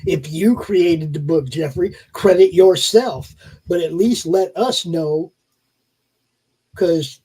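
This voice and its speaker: A man with a fairly high, husky voice rambles through a casual livestream chat. He talks offhand and swears casually as he co-hosts. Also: slow, mellow, rough recording. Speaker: co-host.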